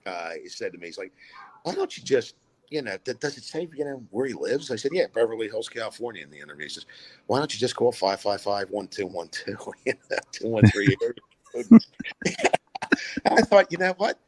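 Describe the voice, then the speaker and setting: A man's voice: fairly low pitch, a little fast, slightly rough. Rambling middle-aged man telling a story. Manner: rambling, animated, with many fillers and restarts. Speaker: filmmaker guest. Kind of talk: casual interview storytelling.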